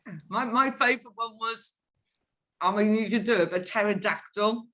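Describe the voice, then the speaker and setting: Woman guest in a casual interview, lively anecdotes, acts out both sides of calls. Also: on the high side, normal speed. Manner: animated storyteller, acts out phone calls. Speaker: guest, sales professional.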